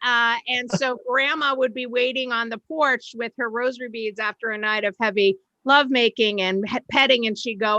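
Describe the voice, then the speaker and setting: A woman's voice: fairly high pitch, steady tone, normal speed, few pauses, bright, forceful tone, dry recording, highs cut off. A woman from Boston doing a brash, self-deprecating stand-up set on a video call from home. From Boston, USA. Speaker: stand-up comedian.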